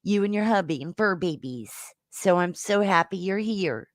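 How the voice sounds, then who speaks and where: A woman hosting a livestream game show, chatting casually with viewers and giving rambling, affectionate shout-outs with lots of fillers. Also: lowish voice, lively intonation, moderate pace, no room sound, clean studio sound.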